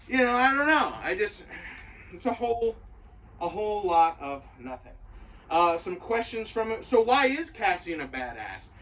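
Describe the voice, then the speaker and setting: A man's voice: on the high side, fairly bright tone, far from the mic, slight background noise, poor audio. A man giving a casual, rambling and profane spoken review of a show, full of opinions.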